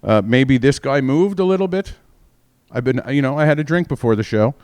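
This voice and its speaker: A man's voice: medium pitch, lively intonation, fairly quick, a little mellow, smooth. A man in his forties doing a stand-up comedy set, rambling and profane, constantly mocking himself. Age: 40s.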